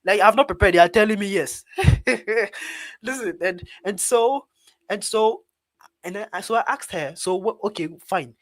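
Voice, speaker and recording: A man from Ghana with a Ghanaian English accent, telling a story as a public speaking trainer in an online webinar and talking straight to his audience in an animated way. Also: sits high, normal speed. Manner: animated, talks directly to his audience as "guys".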